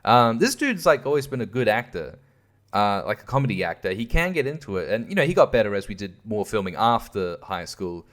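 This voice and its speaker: A man's voice: on the low side, sing-song, a little fast, fairly bright tone. A young man hosting a casual monologue, rambling and swearing, often laughing at himself. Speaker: host.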